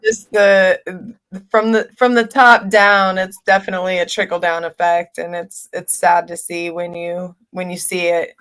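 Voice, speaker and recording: A woman hosting an internet radio talk show, speaking casually with many halting fillers and restarts. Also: fairly low pitch, flat delivery, a bit bright, smooth. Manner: halting, filler-heavy speech.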